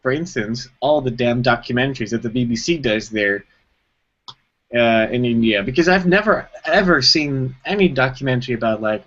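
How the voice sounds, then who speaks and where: A man co-hosts a live web show, chatting casually and rambling with plenty of fillers and restarts. His mid-range voice is expressive and a little bright, moving at a moderate pace. The stream audio sounds dull and lo-fi.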